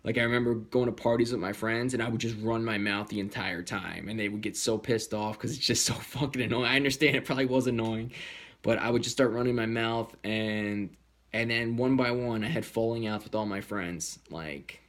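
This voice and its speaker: A young man telling a personal story in a candid, rambling way, swearing often and jumping into high voices when he quotes people. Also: a little fast. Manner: slips into high-pitched voices when quoting others.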